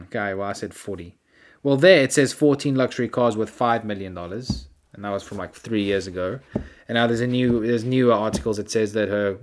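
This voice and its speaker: Male solo podcaster, lively swooping pitch, rambling incredulous rants, self-deprecating. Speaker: podcast host.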